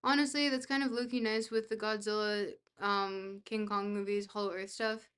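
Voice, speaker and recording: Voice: medium pitch, level tone, normal speed, fairly bright tone, clear, resonant tone. A young adult streamer in casual chat, reading messages aloud and answering them in a dry, joking, rambling way.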